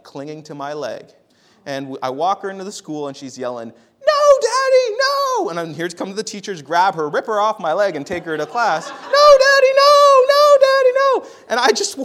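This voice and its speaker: A pastor in his thirties with a high voice preaches a sermon in church. He tells stories with big swings between loud and quiet, often repeating words as he restarts.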